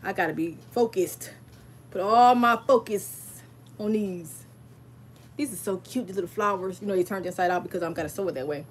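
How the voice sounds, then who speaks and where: A woman hosting a casual live stream, rambling excitedly and reading viewers' comments aloud. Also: medium pitch, moderate pace, a little hiss or hum.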